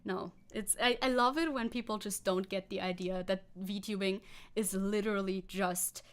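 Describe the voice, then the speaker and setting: A woman's voice: medium pitch, fairly even intonation, moderate pace, smooth. A woman VTuber streaming live, chatting casually and sarcastically while reading and answering chat. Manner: sarcastic, reads chat aloud and laughs often.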